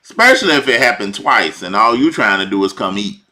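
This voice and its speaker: A man preaching informally, swinging from hushed lines to near shouting. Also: lowish voice, very animated, a little fast. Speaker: bible teacher.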